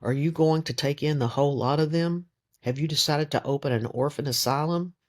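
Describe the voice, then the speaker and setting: A man's voice: a little high, fairly quick, natural voice. A man reading the lines of a hostile, bullying drunken village man in an audiobook. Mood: scornful. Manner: sneering, bullying.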